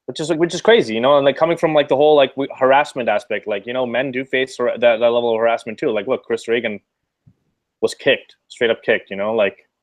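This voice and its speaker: Guy talking super fast, rambly and sweary, dry close sound. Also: mid-range voice, no echo. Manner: fast, profane, rambling with restarts. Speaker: livestream guest. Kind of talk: casual chat.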